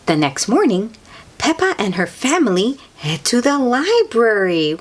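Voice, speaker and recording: A woman reading a children's picture book aloud, expressive and adding her own asides. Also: on the high side, measured pace. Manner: expressive, adds gasps and asides. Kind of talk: read-aloud storytelling.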